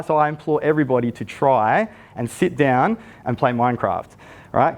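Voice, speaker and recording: Man coaching parents, conversational workshop talk, mid-pitched voice, keeps checking in. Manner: conversational, checks in with "right?" often. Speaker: youth football coach presenting to parents.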